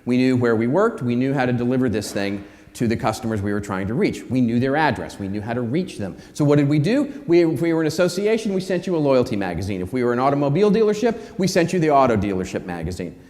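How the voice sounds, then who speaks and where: A man's voice: medium pitch, very animated, fast talker, a little mellow. A man giving a conference keynote speech, emphatic, repeating phrases and asking the audience questions. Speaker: keynote speaker. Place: conference hall. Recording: hall reverb.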